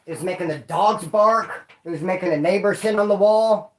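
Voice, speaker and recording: In a roomy, echoing recording, a livestream host rambles through casual stories in slang, often repeating himself. His voice sits high and he talks at normal speed.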